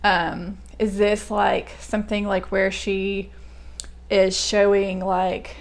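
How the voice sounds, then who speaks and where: A young woman talks through a poem at a slow, unhurried pace, thinking aloud with plenty of fillers and false starts. Her voice has a gravelly, creaky edge, and she sounds casual rather than scripted. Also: mid-range voice, level tone. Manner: thinking aloud, hesitant, many fillers and restarts. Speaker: poetry reader and commentator. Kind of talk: casual spoken poetry analysis.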